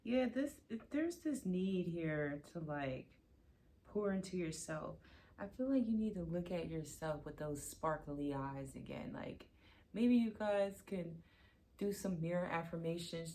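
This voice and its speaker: A tarot reader with a mellow voice on the low side gives a casual card reading, with slight background noise. She's chatty and playful, teasing her viewers and then insisting she's serious.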